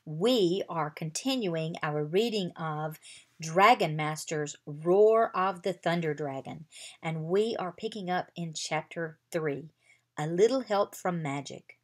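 A woman reading a children's chapter book aloud in an even storytelling manner. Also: fairly low pitch, measured pace. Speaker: reader.

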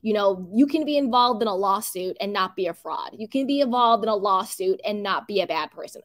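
A woman's voice: medium pitch, expressive, brisk, hardly any pauses. A woman hosting a casual gossip livestream, chatty and opinionated, reading out chat comments and laughing often. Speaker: livestream host.

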